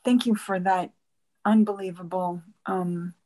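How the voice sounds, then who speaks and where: A woman student addresses her teacher in a halting, grateful way. She speaks slowly in a lowish voice, with frequent pauses and fillers. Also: fairly even intonation, warm tone, low-quality recording. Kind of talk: question in class.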